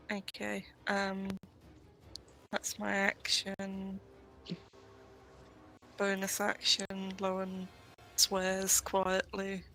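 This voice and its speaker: A woman speaks slowly and flatly as a player in a tabletop game, her voice bright and gravelly. She hesitates with many ums. Quiet music plays behind her. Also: medium pitch, low-quality recording. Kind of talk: casual chat playing a tabletop game.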